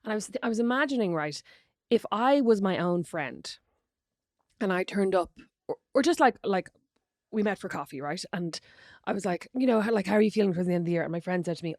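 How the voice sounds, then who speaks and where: A woman's voice: mid-range voice, big pitch swings, fast talker, a little mellow, dry recording, clean studio sound. An Irish woman co-hosting a podcast, chatting casually and reflectively, often finishing her partner's sentences. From Ireland. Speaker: podcast co-host. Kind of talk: casual chat.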